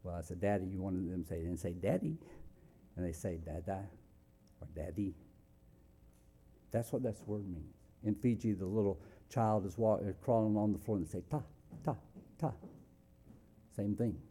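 A man preaching a sermon, moving between loud, emphatic calls and hushed, quiet passages. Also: low voice, fairly even intonation, quick pace. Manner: dynamic, swings from loud exclamations to hushed near-whispers.

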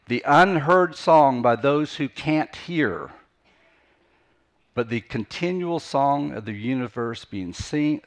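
A pastor delivers an unscripted teaching sermon in an earnest, medium-pitched voice. He often repeats phrases for emphasis and restarts his sentences.

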